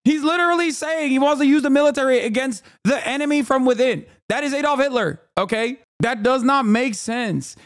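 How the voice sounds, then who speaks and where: A man's voice: very high voice, brisk, few pauses. A man in his thirties giving casual reaction commentary on a stream, emphatic and incredulous, swearing heavily.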